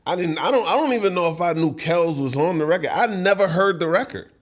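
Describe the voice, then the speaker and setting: A man's voice: sits high, quick pace. A middle-aged man, a songwriter guest in a casual interview, telling a story with lots of laughs and acted-out quotes. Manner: animated storyteller who acts out quotes, laughs often.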